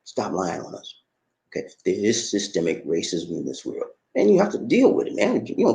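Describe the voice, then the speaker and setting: Middle-aged man, animated pitch, emphatic casual preaching, roomy echo. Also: fairly quick, creaky. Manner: emphatic, repetitive, keeps addressing listener as man. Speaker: online commentator.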